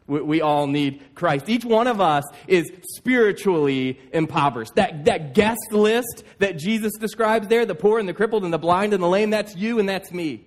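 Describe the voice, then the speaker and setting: A man's voice: high voice, animated, moderate pace, few pauses. A male pastor preaching a sermon, emphatic, with stammered restarts and "like, like".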